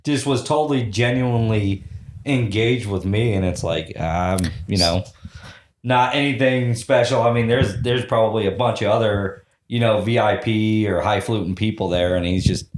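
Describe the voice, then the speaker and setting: Male guest, low voice, relaxed plain talk, echoey room. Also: normal speed. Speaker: podcast guest. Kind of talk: casual chat.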